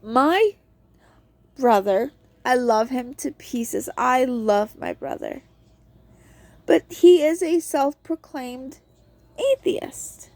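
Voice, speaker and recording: A woman's voice: high voice, animated, slow, pauses often, a little mellow, no echo. A woman hosting a podcast, giving a casual devotional talk on a Bible book and acting out quotes in an earnest storytelling tone.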